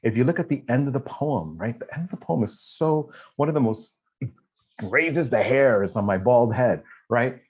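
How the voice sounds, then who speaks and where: A man teaching a writing class online, who talks conversationally, keeps checking in with his students, and reads poetry aloud with slow, dramatic pauses. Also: mid-range voice, animated, darkish tone, breathy edge. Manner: conversational, checks in with "right?" often. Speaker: college writing instructor. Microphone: video call. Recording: dull lo-fi video call audio.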